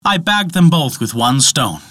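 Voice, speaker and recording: A man plays Loki, a swaggering, cheerful trickster god bragging in a myth telling. The voice sits high and bouncy, and the recording is dry and close. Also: sing-song, a little slow, bright, forceful tone, no room sound, heavily acted. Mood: boastful. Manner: boastful, cheerful.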